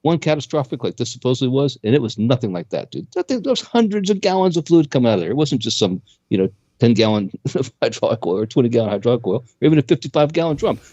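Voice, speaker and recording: A man's voice: quick pace, few pauses, no echo. Man on a lo-fi talk radio line. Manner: animated, jumps pitch when making a point. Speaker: co-host. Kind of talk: casual conspiracy talk radio chat.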